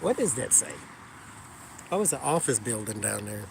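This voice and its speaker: A man casually chatting with his viewers while walking outside, animated and joking, talking to them as "y'all". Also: lowish voice, moderate pace, creaky, very noisy. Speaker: tarot reader chatting with live viewers.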